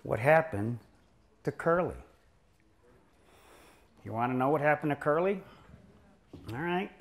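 An older man with a voice a bit higher than most men gives a lecture as a chiropractor. He jokes and rambles through his stories with a sarcastic edge. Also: animated, a little slow. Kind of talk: humorous lecture storytelling.

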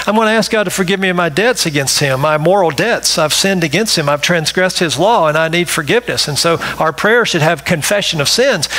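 A male pastor with a high, sharp voice delivers a sermon, emphatic and repetitive, often checking in with the congregation through a rhetorical "right?". The recording is low quality.

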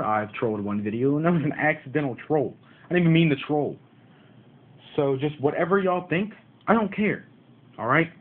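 A man rants to his viewers about rude comments on his card game videos, repeating himself and mocking commenters. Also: fairly high pitch. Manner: frustrated, repetitive, mocks commenters. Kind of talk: ranting vlog to viewers. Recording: tinny phone-like audio.

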